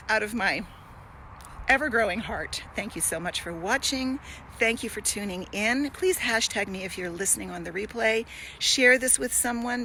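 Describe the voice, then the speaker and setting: A woman's voice: medium pitch, fairly bright tone, a little hiss or hum, low-quality recording. A middle-aged woman hosting a casual live stream from her garden, talking to viewers in a gushing, emotional, encouraging way. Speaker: wellness host.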